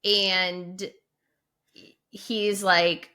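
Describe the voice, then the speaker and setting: A woman's voice: lowish voice, very slow, clear, resonant tone. A woman co-hosting a podcast, chatting casually and retelling stories while acting out the people she quotes. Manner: animated storyteller, acts out quoted people. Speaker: podcast co-host. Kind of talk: casual chat.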